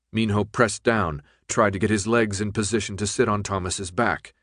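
In clean studio sound without any room ambience, a man with a fairly low voice reads scripted audiobook narration at a steady, measured pace.

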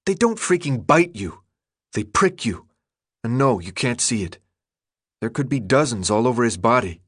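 A man's voice: medium pitch, animated, moderate pace, breathy edge, no echo, clean studio sound. A man voicing a tough, panicky teenage boy in an audiobook, harsh and snapping. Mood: gruff, scornful. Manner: harsh, snapping, swings into despair. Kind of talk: audiobook character voice.

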